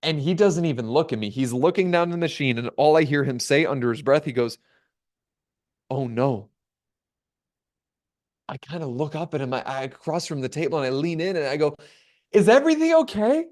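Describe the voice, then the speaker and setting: Animated, slightly high-voiced male storyteller. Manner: animated, acts out dialogue, dramatic pauses. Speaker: keynote speaker. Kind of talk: storytelling talk. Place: webinar.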